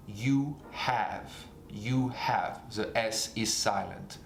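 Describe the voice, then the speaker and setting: A French man in his twenties with a French accent, teaching a beginner language lesson slowly and patiently, repeating each form. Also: lowish voice, gravelly, echoey room, over music. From France. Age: 20s.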